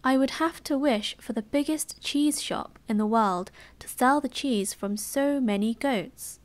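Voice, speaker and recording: A woman with a British English accent voicing an earnest, worried male cheese seller in a soft storybook reading, in whispered role-play. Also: high-pitched, measured pace. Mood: dismayed. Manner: plain, fretful.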